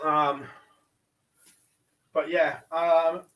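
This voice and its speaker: Male darts commentator with a high-pitched voice, brisk and chatty, recorded a bit off-mic. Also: little pitch movement, far from the mic, lo-fi sound. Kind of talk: live online sports commentary.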